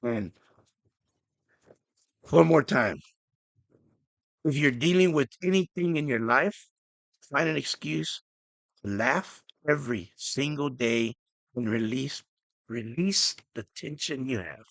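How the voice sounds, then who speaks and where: A middle-aged man hosting his own podcast, talking earnestly and emotionally with halting restarts. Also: medium pitch, expressive, creaky, fairly bright tone, no room sound. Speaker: podcast host. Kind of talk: personal podcast monologue.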